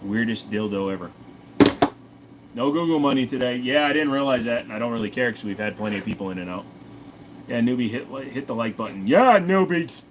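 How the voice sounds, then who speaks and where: Brief: forties Tennessee man, crude joking stream host, mid pitch, faint AC hum. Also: quick pace. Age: 40s. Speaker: livestream host. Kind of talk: casual livestream chat.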